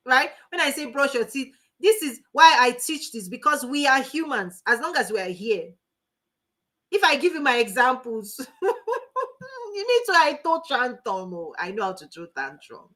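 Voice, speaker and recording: A Nigerian woman teaching a live online coaching class in an animated, preachy way, laughing often. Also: high-pitched, normal speed. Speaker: life coach.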